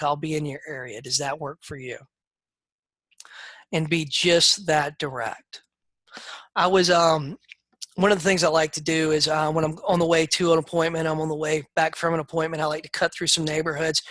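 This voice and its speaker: Middle-aged male sales trainer, folksy and direct, bright tone, dry close sound. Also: fairly high pitch, no room sound. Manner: direct, folksy, acts out seller calls in a raised voice. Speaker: real estate sales trainer. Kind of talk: live webinar coaching.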